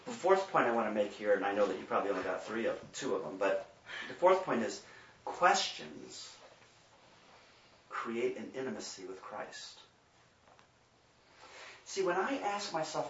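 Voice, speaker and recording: A man's voice: fairly low pitch, lively intonation, normal speed, pauses often, a little hiss or hum. A man in his fifties preaching, who acts out his own inner questions. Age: 50s. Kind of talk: sermon. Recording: echoey hall, distant mic, dull sound.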